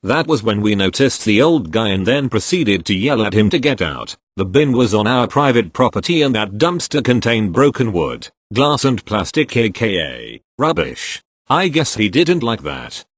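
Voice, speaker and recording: A man reading online retail stories aloud with an expressive storytelling delivery. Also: on the low side, moderate pace, hardly any pauses, no echo. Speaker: story reader.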